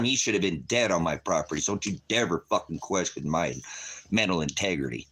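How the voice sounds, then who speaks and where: A middle-aged man giving an angry, profane rant as a vlogger, swearing constantly and breaking into shouts. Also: fairly low pitch, fairly quick, slightly rough. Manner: furious, swearing, bursts into shouting; mocks others in quoted voices.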